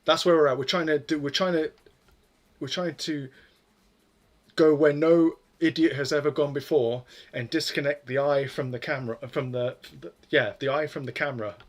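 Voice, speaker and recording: A man's voice: fairly high pitch, fairly even intonation, moderate pace. A man chatting loosely as he codes live on stream, swearing freely and poking fun at himself. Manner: rambling, swears freely, self-deprecating. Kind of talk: casual stream chatter while coding.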